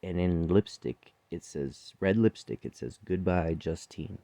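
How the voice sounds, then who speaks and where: A man's voice: sits low, expressive, unhurried, dark tone, no room sound. A man who works as a chef, telling a personal story in a blunt, profane, rambling way, with laughs.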